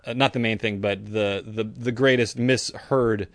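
Dry low-key man co-hosting a podcast. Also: steady tone, measured pace, no echo. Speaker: podcast co-host. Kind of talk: casual comedic chat.

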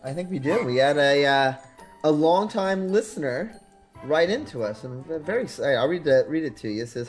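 Higher-voiced man, jokey banter. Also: animated, moderate pace, faint music behind. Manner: jokey, hesitant with fillers. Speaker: podcast co-host. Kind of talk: casual chat.

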